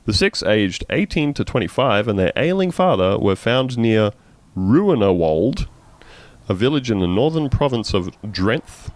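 A man's voice: on the low side, very animated, measured pace, dry recording. A male podcast host chatting casually and reading news aloud with jokey asides.

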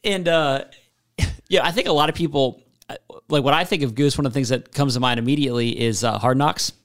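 A man's voice: medium pitch, a little fast. A man hosting a casual interview, prompting his guest with questions. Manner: prompting questions between laughs. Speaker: podcast host.

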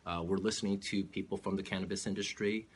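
Very deep-voiced man answering steadily. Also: breathy edge. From California. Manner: measured, steady, with many "uh" fillers. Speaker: political candidate. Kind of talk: interview answers.

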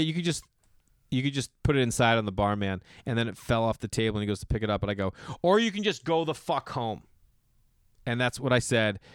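A man, a comedian, telling a long casual story in a profane, animated way and acting out the people he quotes. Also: mid-range voice, clean tone, no room sound, studio quality.

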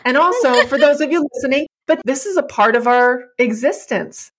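Frank, animated woman, slightly high voice. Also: moderate pace. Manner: frank and animated, with a laugh in her voice. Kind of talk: candid casual chat.

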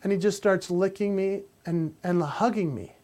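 A man with a notably high speaking voice tells a story on a conversational podcast. He acts out the voices in his story with lots of energy. He slows down and speaks more softly when he makes a reflective point. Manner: animated, acts out quoted voices and drops low and slow for reflective points. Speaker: podcast co-host and coach.

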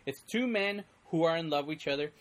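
A person in easygoing conversation, talking in loose, looping sentences that keep doubling back. The voice sits at an ordinary middle pitch, neither high nor low. It sounds like one friend rambling to another. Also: expressive, fairly quick. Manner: rambling, heavy use of "like", many restarts. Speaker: film fan in conversation. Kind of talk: casual chat.

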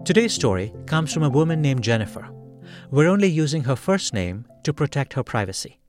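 A man hosting a show, giving a clear, scripted introduction to a story. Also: mid-range voice, big pitch swings, brisk, soft background music. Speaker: host. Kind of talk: scripted narration.

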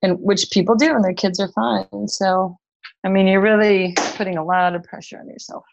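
A woman co-hosts a podcast, talking frankly and reassuringly with a playful streak. Her voice sits in a middle pitch, and the recording sounds a little dull and muffled. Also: steady tone, normal speed, vocal fry. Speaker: podcast co-host. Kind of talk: casual chat.

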